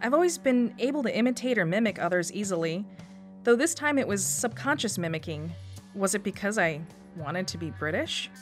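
A woman's voice: medium pitch, expressive, a little fast, faint music behind. Upbeat Wisconsin-accented woman telling her story. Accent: Northeast Wisconsin. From Wisconsin, USA. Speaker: radio story contributor. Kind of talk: scripted personal narration.

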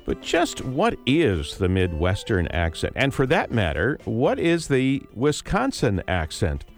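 Lively-voiced male radio host. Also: medium pitch, measured pace, faint music behind. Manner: relaxed, conversational, frequent uh fillers. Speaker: radio talk show host. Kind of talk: public radio interview. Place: radio studio. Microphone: studio microphone, close and dry.

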